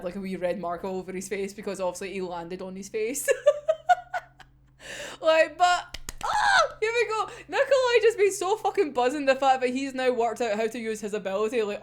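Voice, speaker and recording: Lively woman, animated and laughing. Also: fairly high pitch. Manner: animated, laughs often, swears freely. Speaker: anime reaction host. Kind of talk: casual episode discussion.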